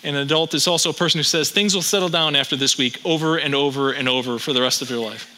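Mixing plain teaching with wry humor, a pastor in his thirties piles up rhetorical questions to hold his listeners through the sermon. His voice is bright, ringing and slightly high for a man, and he talks fast on a rough recording with slight background noise.

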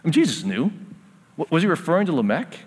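A man's voice: fairly high pitch, big pitch swings, fast, husky. A man preaching a sermon, earnest, acting out the voices of a parable as he tells it. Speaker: pastor. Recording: long hall reverb.

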